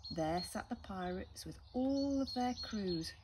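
A woman primary school teacher with an English accent reading a storybook aloud to young children, gently asking them questions. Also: mid-range voice, expressive, takes it slowly, noisy background.

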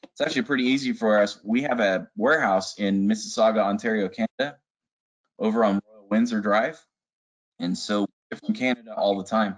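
A man's voice: fairly low pitch, a little fast. A man working as a sales manager who talks casually and enthusiastically in a webinar, with frequent fillers. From Arizona. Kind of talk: webinar presentation. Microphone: video call.

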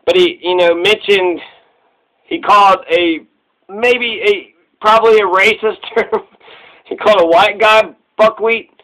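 A man with a high voice rambles through casual commentary. He repeats himself and sounds sarcastic. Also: steady tone, a little slow, fairly bright tone, poor audio.

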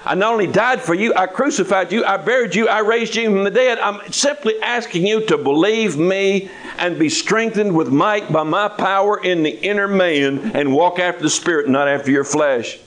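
Man playing God, blunt, gruff, dismissive, impatient, fairly high voice. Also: moderate pace, a bit bright, rough recording. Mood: exasperated. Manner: gruff, dismissive, matter-of-fact. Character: blunt, impatient God scolding a male believer.

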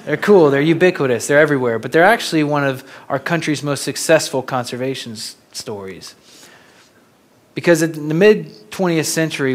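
A young man from Florida giving a talk as a photographer, telling stories in a lively way and laughing often. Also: a little high, normal speed. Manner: animated, laughing storyteller. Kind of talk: storytelling lecture.

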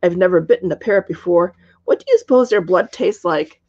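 A woman's voice: lowish voice, brisk, darkish tone, breathy edge, lo-fi sound. A woman reading as a polite young vampire girl. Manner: polite, lightly teasing.

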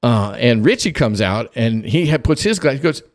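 This is a man with a mid-pitched voice telling a story on a podcast. He delivers it in an animated, humorous way and laughs often as he goes. His delivery swings between eager and hushed. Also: normal speed. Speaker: podcast host.

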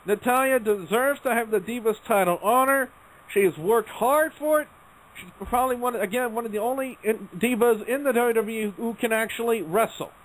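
A man's voice: very high-pitched, normal speed, fairly bright tone, poor audio. A man hosting an internet radio talk show, emphatic, calling on each panelist in turn. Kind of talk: casual wrestling talk show.

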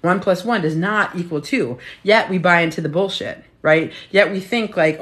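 A blunt woman in her fifties talks straight at the listener like a coach fired up about her cause. She is profane and preachy, tossing in "right?" again and again. Her voice sits a little low for a woman. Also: normal speed, fairly bright tone. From United States. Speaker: weight loss coach. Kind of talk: casual motivational talk.

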